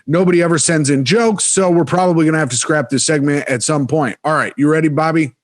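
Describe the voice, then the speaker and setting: A man co-hosting a comedy podcast, chatting casually, laughing often and stumbling through read-out jokes. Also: a little high. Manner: joking, laughs often, reads jokes haltingly. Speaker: podcast co-host.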